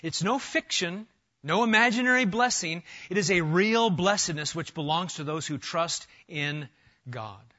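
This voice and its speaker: Pastor type, man from Nebraska, forceful, emphatic sermon delivery on a muffled lo-fi recording. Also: sits high, lively intonation, measured pace. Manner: emphatic preaching with rhetorical questions and repetition.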